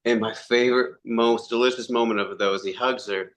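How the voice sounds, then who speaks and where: A man, a podcast guest, telling animated stories in casual chat, acting out quotes and swearing freely. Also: medium pitch, fairly quick. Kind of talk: casual storytelling interview.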